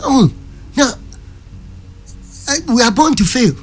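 A Ghanaian-accented guest speaks with a lively, swooping pitch, driving each point home in an emphatic, preachy tone. Faint music plays behind the voice. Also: takes it slowly, breathy edge. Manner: emphatic and preachy, switching between Twi and English. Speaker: guest giving a Christian view. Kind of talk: opinionated talk-show commentary.

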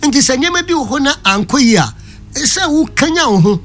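Ghanaian guest preaching a christian take on a talk show, emphatic, pitch all over the place. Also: very animated, fairly quick, a bit bright, soft background music. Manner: emphatic and preachy, switching between Twi and English. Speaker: guest giving a Christian view. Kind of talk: opinionated talk-show commentary.

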